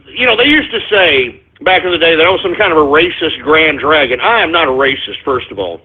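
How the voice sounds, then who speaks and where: A man hosting a call-in radio show, loud and boastful, ranting at listeners. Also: high voice, husky. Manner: loud, boastful, shouting and cackling. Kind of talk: brash call-in radio rant. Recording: tinny phone-line radio audio with faint music.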